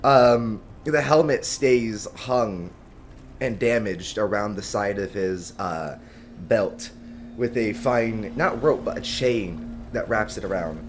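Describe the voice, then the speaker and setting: A man's voice: lowish voice, slow, slight background noise. A man playing a tabletop game, rambling through his character's description with lots of likes and ums. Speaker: player. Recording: faint music behind.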